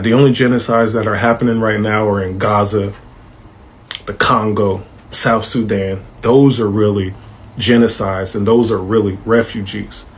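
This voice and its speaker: Indignant male commentator with a lowish voice, slows down to stress words. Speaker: social media commentator. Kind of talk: direct-to-camera commentary.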